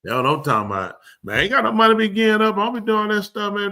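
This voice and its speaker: A man's voice: high-pitched, lively intonation, racing, sharp tone. A man hosting a live comedy show, riffing loosely and acting out both sides of a conversation in slang for the audience. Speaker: comedic talk show host.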